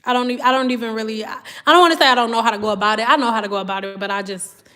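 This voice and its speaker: A woman's voice: fairly high pitch, fairly even intonation, very fast, sharp tone. Chatty woman on a livestream. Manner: chatty, says girl and y'all a lot. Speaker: livestream host. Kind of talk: casual livestream chat.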